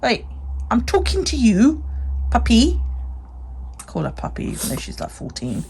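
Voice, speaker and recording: A woman's voice: a little high, huge pitch swings, moderate pace, a little mellow, husky. A woman chatting casually in a home vlog, swearing freely and talking to her dog. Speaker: vlogger.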